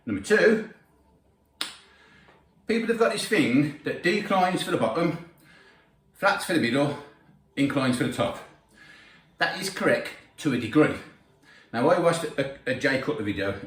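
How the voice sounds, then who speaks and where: A man giving blunt, opinionated, sweary gym advice in a casual workout vlog. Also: mid-range voice. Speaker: gym trainer. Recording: roomy gym, mic at a distance.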